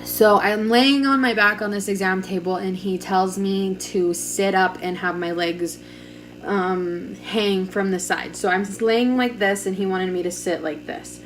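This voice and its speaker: Her voice mid-range and a little slow, a young woman vlogs a personal story from home into a camera mic, with slight background noise. She's casual and chatty, leans on "like" a lot, and acts out what people said.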